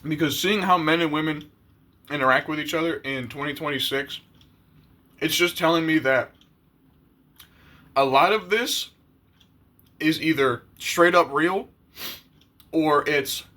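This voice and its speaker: Bright-voiced man ranting bluntly. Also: on the high side. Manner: blunt, profane, conversational. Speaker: YouTuber. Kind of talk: casual rant to camera.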